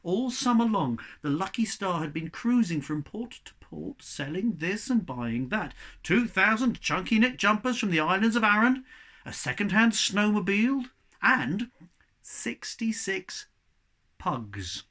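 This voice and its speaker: A man reading a children's novel aloud to young pupils, with a chatty, expressive manner. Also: high voice, unhurried.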